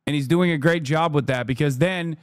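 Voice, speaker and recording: Man, livestream political rant, heated and profane, mocking voices, high-ish pitch, dry sound. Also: brisk, clear, resonant tone, dry recording. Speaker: streamer reacting to news. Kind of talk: ranting political commentary.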